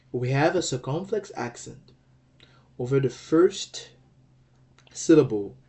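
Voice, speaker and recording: A man teaching a grammar lesson, explaining slowly and carefully, often restarting phrases and checking in with "okay?". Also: medium pitch, dark tone. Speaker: Greek language teacher.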